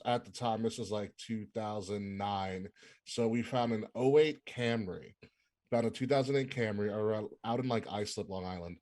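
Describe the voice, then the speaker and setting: A man's voice: on the low side, a little mellow. A man, co-hosting a podcast and telling a casual story with lots of fillers. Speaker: podcast co-host. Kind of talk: casual chat.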